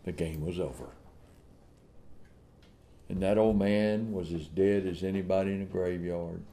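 Middle-aged male preacher, fiery sermon, lower register, big dynamic drops. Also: fairly even intonation, unhurried. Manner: impassioned, swings from loud to hushed, rhetorical questions.

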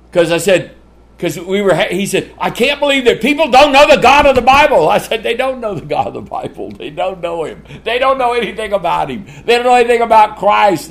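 Preacher man, folksy and lively, slightly high voice, swings from loud to hushed, laughs often. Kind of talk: sermon.

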